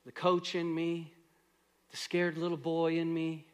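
A middle-aged male pastor delivers a sermon in a slightly raised voice. His preaching is earnest, swelling into loud exhortation and then sinking into soft, hushed prayer. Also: on the high side, monotone, a little slow, clean tone.

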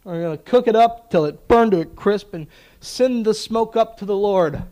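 A man's voice: sits high, moderate pace, dark tone, low-quality recording. A man preaching a sermon, retelling a story with acted-out dialogue and sarcastic asides.

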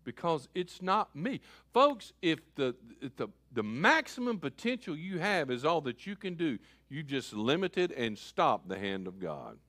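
A man preaching a sermon as pastor, switching between loud calls and quiet asides. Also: on the high side, very animated, unhurried, hardly any pauses, no room sound.

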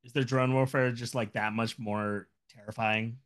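A man co-hosting a podcast, dropping dry, deadpan jokes in casual chat. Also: mid-range voice, moderate pace. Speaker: podcast co-host.

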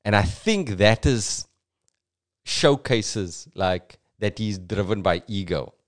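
A man's voice: on the low side, animated, slow pace. A South African man giving casual, reflective commentary as a podcast host, full of "you know"s.

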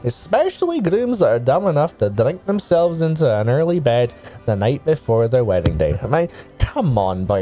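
Gruff Scottish gardener, folksy, lively lilt, mellow tone played by a man. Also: mid-range voice. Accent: put-on Scottish. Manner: folksy, calls people "boy". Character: gruff chatty male village gardener.

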